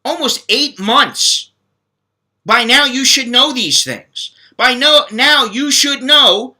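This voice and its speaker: A man's voice: extremely high pitch, sing-song, slow, sharp tone. A middle-aged man from the United States hosting a casual monologue, bluntly lecturing viewers and acting out little quoted voices. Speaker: channel host answering viewer questions.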